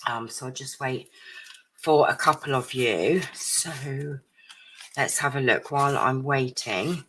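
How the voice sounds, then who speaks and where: A woman chatting through a craft live stream at her home desk, a little croaky and out of breath, with lots of ums. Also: extremely low pitch, takes it slowly, a bit bright, slight background noise, low-quality recording. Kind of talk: casual craft chat.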